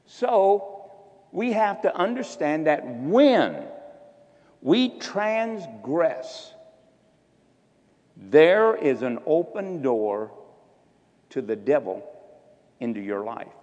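Slow-preaching man in a reverberant hall. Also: fairly high pitch, big pitch swings, darkish tone. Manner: exhorting, shifts between slow drawn-out emphasis and quick asides. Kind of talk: sermon.

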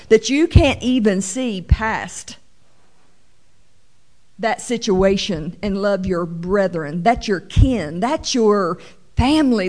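Slow, animated woman teaching scripture. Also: medium pitch. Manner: animated, drawls scripture slowly, playful asides. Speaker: Bible teacher. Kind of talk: sermon-style Bible teaching.

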